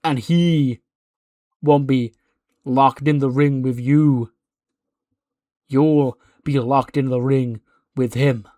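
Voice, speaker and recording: A man's voice: mid-range voice, steady tone, slow pace, pauses often, dark tone, dry recording, studio quality, natural voice. A man voicing a cocky male pro wrestler, reading a boastful, taunting promo.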